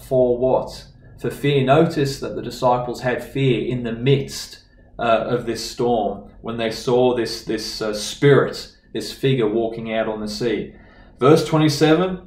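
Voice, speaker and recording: A man with an Australian accent preaching a sermon, reading scripture aloud and explaining it with halting restarts and repeated words. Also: medium pitch, fairly even intonation, darkish tone, echoey room. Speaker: pastor. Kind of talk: sermon Bible study.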